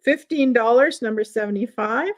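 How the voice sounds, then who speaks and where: A woman's voice: a little high, moderate pace. A middle-aged woman hosting a live vintage sale, chatting with viewers and calling out prices and lot numbers. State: has the hiccups.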